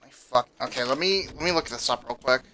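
A man's voice: medium pitch, a little fast, bright, forceful tone. A man hosting a gameplay video, reading item lore aloud and then cursing in exasperated rants at the game. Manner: profane, exasperated ranting. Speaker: gaming channel host.

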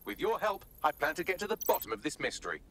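A wry resistance handler in a video game, handing out orders with dry asides. The voice is bright and fairly high, with lively pitch, over a faint bed of game ambience. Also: male voice, quick pace, a little hiss or hum. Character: wry male resistance ally giving missions.

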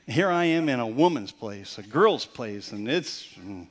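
An older male pastor preaching a Father's Day sermon, swinging from loud, emphatic points to soft, near-whispered storytelling. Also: medium pitch, very animated, measured pace, hardly any pauses.

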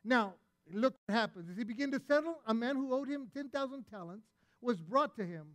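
A man preaching a sermon as pastor, retelling a parable and acting out its voices with animated delivery. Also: very high-pitched, brisk, no echo.

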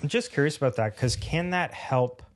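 A man's voice: on the high side, expressive. Curious male podcast co-host. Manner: curious, asks questions, halting. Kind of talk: casual podcast chat.

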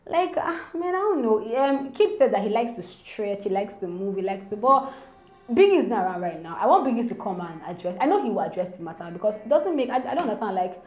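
A woman, chatting excitedly as a gossip vlogger to her viewers. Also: medium pitch, fast. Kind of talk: casual gossip commentary to viewers. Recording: roomy echo with faint music.

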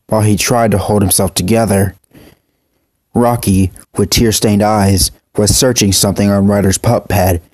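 A man's voice: lowish voice, darkish tone, dry recording. Man narrating a horror story.

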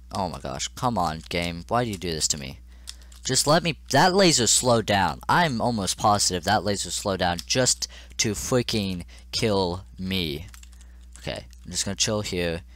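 A young man with a lowish voice narrates his own gameplay, swinging between groans, pleading and cheers as he talks straight to the game. Keyboard typing clicks away behind him. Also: a bit bright, no echo. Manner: frustrated, exclamatory, talking to the game. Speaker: gaming channel host. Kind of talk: let's play commentary.

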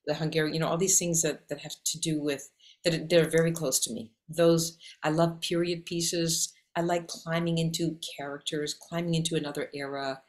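A woman from Canada with a Canadian accent, an actress and acting coach talking animatedly in an interview, often rattling off lists. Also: sits low. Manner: animated, talks in quick lists. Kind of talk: casual interview conversation.

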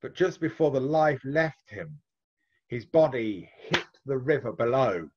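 A man's voice: mid-range voice, very animated, a little slow, muffled recording, background noise. A man, an author and storyteller, telling a folk tale expressively and answering interview questions.

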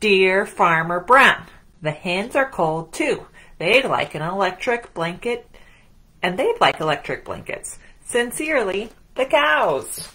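A woman's voice: mid-range voice, sing-song, slow, bright, forceful tone, slightly rough, exaggerated voice. A woman reading out polite, demanding notes written by a group of cows in a children's picture book. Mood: prim.

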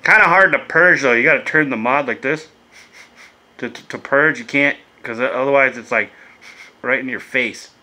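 A man's voice: mid-range voice, normal speed, pushed and bright. A laid-back man chatting casually and swearing as he reviews vape gear in a vlog, coughing now and then.

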